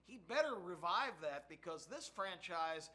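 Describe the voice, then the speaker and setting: Bright-voiced analytical sports talk host. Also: male voice, high-pitched. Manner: measured analytical, steady explanations.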